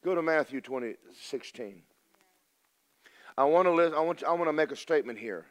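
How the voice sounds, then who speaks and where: A man's voice: a little high, animated, moderate pace. An older man with a drawl delivers a homespun sermon from the pulpit. He tells his story plainly and shifts from ringing emphasis down to near-whispered asides. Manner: folksy and storytelling, swinging from loud to hushed. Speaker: preacher.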